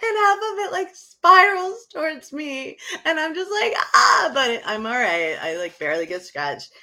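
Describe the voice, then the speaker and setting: A middle-aged woman co-hosting a podcast, telling her story with big dramatic swings. Her voice rises and falls all over the place, and its tone is bright and forceful. She plays up every moment with animated energy. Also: high-pitched, normal speed. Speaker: podcast co-host.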